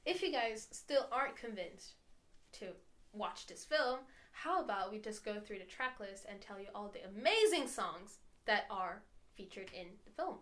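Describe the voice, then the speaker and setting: A woman co-hosting a casual chat who laughs easily. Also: mid-range voice. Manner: laughs easily, slow and animated. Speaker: podcast co-host.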